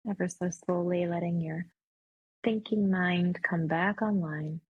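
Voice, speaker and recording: A woman yoga and mindfulness instructor leading a guided meditation in a soft, slow, soothing voice. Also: fairly low pitch, steady tone, slightly rough, narrow, tinny audio.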